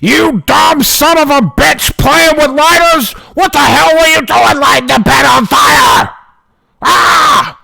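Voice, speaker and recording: Man playing a foul-mouthed dad yelling in a strained high voice. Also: slow, vocal fry, dry recording, some chatter behind, heavily acted. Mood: enraged. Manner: yelling, cursing. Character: furious foul-mouthed father.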